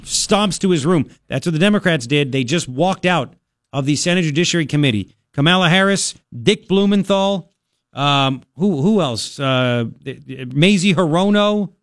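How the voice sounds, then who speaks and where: A man's voice: fairly high pitch, expressive, moderate pace, no room sound, studio quality. A man hosting talk radio, giving indignant, mocking commentary.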